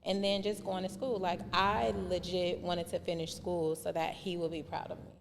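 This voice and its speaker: A woman with a fairly low voice tells her life story on a podcast and acts out every quoted line. The room adds a long, hanging reverb, and faint ambient noise sits under her words. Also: normal speed, creaky. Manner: animated storyteller who acts out quoted dialogue. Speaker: podcast guest.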